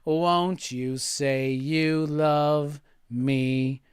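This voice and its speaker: A man putting on the voice of a cheerful, friendly purple male dinosaur, crooning slowly with a nasal tone. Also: a little high, steady tone, clear, resonant tone, no echo, clean studio sound, pitched below the performer's own voice. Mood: sweet crooning. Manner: slow sing-song crooning.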